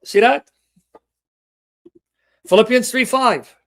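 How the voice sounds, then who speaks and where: A man's voice: very high voice, takes it slowly, gravelly, a bit bright, slight background noise. A man hosting a livestream Bible teaching, passionate and emotional, speaking straight to his viewers and asking them rhetorical questions. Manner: reads scripture references aloud with rhetorical questions. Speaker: Bible teacher and show host.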